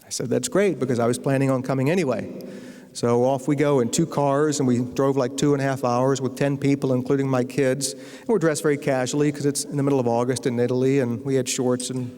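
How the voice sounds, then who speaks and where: A mellow, mid-range voice with fairly even intonation and a brisk pace belongs to an American novelist lecturing as a guest. He tells a humorous story anecdotally, timing the laughs, while the university hall's long reverb lingers.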